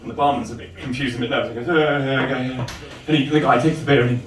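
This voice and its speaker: A man, hosting a comedy night and telling jokes loudly with lots of swearing. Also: medium pitch, very fast, a little hiss or hum. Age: 30s. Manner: loud, animated joke-telling with swearing. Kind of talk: stand-up comedy. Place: comedy venue with audience. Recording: roomy live venue from far off, loud crowd.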